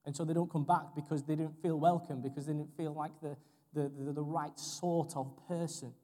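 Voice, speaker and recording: A man's voice: fairly high pitch, fairly even intonation, moderate pace, mellow. A young man preaching a sermon in a church, earnest and repeating phrases for emphasis. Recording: long hall reverb.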